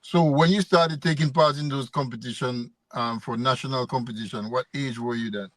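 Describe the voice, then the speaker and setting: A man's voice: medium pitch, normal speed, no echo. A man hosting a casual interview, joking and steering the talk with short prompts. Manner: jokey, playful interrupter, steady with short backchannels. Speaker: interviewer host.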